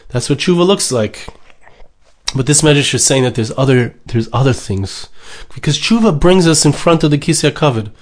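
A man's voice: fairly high pitch, animated, moderate pace. A man speaking as a rabbi, delivering an emotional sermon, emphatic and repetitive, with Hebrew terms woven in.

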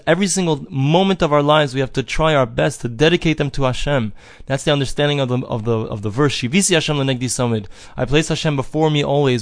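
A man's voice: fairly high pitch, dry recording, studio quality. A man teaching an earnest religious lesson, telling stories and acting out voices. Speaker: Torah teacher. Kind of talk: recorded religious lesson with storytelling.

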